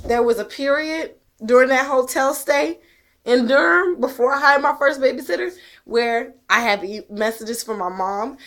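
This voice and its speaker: A woman's voice: fairly high pitch, fairly bright tone. A mother talking straight to the camera in an intense, emphatic way, blunt and swearing, pressing her point with rhetorical questions. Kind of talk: direct-to-camera monologue.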